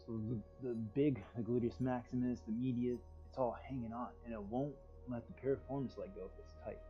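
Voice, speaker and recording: A man with a medium-pitched voice leads a guided yoga class over a livestream, giving calm, soothing, drawn-out cues and sighing with relief. The highs are cut off, and faint music plays in the background.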